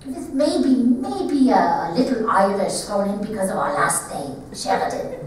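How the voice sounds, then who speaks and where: A woman in a one-woman stage show voicing a cautious, anxious immigrant father in a lower, scolding tone. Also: sing-song, a little slow, a little mellow, a little hiss or hum. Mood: stern. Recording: echoey theater from far off.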